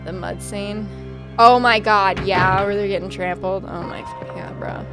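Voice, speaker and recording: A woman's voice: medium pitch, fairly even intonation, normal speed. A young woman streaming a game, chatting casually, swearing freely and laughing often. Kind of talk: casual livestream chat while gaming. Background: game music.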